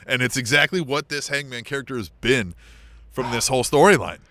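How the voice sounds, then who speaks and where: A man co-hosting a podcast in casual chat, excitable and laughing often as he acts out quotes. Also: mid-range voice, brisk, no echo. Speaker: podcast co-host.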